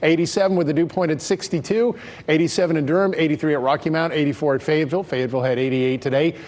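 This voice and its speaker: Man giving a brisk TV weather forecast. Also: on the high side, steady tone, a little mellow. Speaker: meteorologist.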